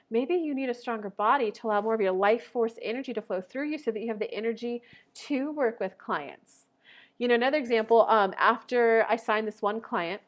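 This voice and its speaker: Chatty, animated woman coach. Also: on the high side. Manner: chatty and animated, acts out quoted voices. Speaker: life and manifestation coach. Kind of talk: casual talking-head vlog.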